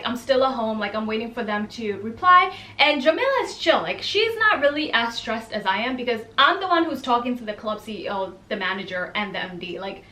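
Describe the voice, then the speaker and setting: A young woman telling a casual storytime to camera, animated and exasperated, acting out the people she quotes. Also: fairly high pitch, roomy sound.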